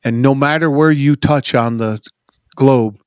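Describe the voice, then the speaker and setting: A man's voice: mid-range voice, unhurried, a little mellow, smooth, no echo, clean studio sound. A man hosting a casual podcast chat, joking and swearing as he tells stories. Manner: profane, joking, conversational. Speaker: podcast host.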